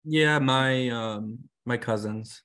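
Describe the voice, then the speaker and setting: A man's voice: mid-range voice, slow, fairly bright tone. Man giving brief replies as a client. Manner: brief responses.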